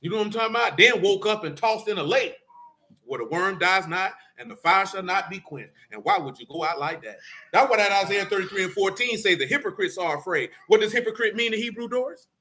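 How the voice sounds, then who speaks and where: A man leading a Bible study in a folksy, animated preaching style, quizzing his listeners and calling them "boy" and "man". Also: sits high, a little fast.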